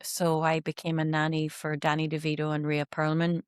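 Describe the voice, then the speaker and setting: A woman with a Belfast accent, a guest recalling her past in a relaxed, chatty interview. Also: low voice, moderate pace, clean tone, dry recording, studio quality. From Belfast, Northern Ireland. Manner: relaxed storytelling, chatty asides. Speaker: guest, actor. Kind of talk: casual interview chat.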